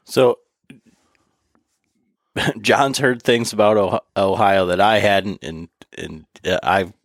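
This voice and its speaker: A man's voice: on the low side, slow pace, dry recording, studio quality. A man hosting a casual hunting podcast, telling stories with lots of laughter and acting out what others said. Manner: animated, laughing storyteller who acts out others' lines. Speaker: podcast host.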